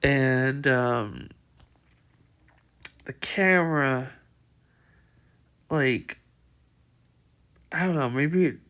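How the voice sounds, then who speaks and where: A man casually pitching a game idea, rambling with lots of fillers and swearing. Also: drawn-out words, pauses often, fairly bright tone. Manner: rambling, profane, full of fillers. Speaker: video creator.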